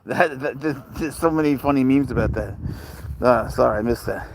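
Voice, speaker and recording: A man's voice: medium pitch, normal speed, vocal fry, a little hiss or hum. Chatty man livestreaming from a park. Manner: rambling, chatty, answers viewer questions. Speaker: livestream host walking his cat. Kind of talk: casual livestream chat. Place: outdoors in a park.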